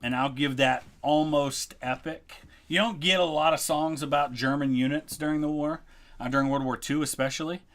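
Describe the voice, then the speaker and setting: A middle-aged man chatting casually as a history video host, relaxed and thinking aloud with frequent ums. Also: fairly high pitch, moderate pace. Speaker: history YouTuber, guest co-host. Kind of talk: casual ranking chat.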